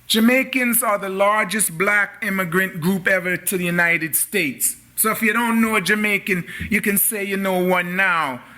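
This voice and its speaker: A man's voice: high-pitched, moderate pace, hardly any pauses, bright, forceful tone. An older man preaching a sermon as a minister, telling stories and calling out questions to his congregation in a church sanctuary. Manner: storytelling preacher, calls out to the congregation.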